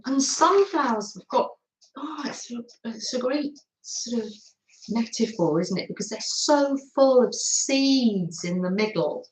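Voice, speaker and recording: Chatty older woman, slow and lively. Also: fairly high pitch, echoey room, a little hiss or hum, low-quality recording. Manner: chatty, greets viewers by name, reads comments aloud. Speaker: craft livestream host. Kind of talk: chatty livestream craft session.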